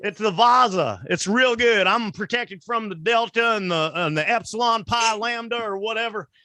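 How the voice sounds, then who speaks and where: A man's voice: high voice, moderate pace, pushed and bright, no room sound, pitched above the performer's own voice. A man putting on a boastful rural man with a folksy, cocky drawl during a stand-up bit. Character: boastful rural man bragging about his shot. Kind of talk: stand-up comedy impression.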